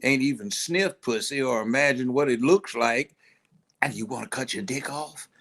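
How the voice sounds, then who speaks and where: A man who is a judge, giving a blunt, profane, animated opinion during a talk show chat. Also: medium pitch, moderate pace.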